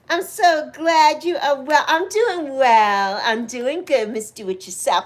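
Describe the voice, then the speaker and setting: This sixties-aged livestream host keeps a slow pace with few pauses as she chats casually, naming viewers as she greets them. She shares her feelings freely, laughs easily, and her voice swoops upward when she gets excited.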